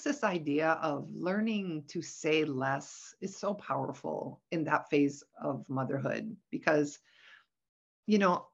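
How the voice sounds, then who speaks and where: A middle-aged woman speaking in a somewhat low voice, talking about family and faith with lively, expressive storytelling. The sound is slightly dull and lo-fi. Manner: expressive storyteller, animated when quoting, laughs often. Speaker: guest, Christian parenting author. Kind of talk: casual podcast conversation.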